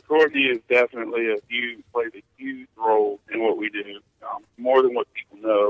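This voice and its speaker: A man's voice: mid-range voice, a bit bright, no room sound, poor audio. A man, a country music performer, talking earnestly as a guest on a casual radio show, rambling with fillers and restarts while chewing tobacco.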